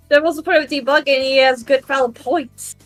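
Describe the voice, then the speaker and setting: A woman's voice: high-pitched, low-quality recording. A woman chatting casually as a co-host, giggly and chatty. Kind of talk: casual reaction chat.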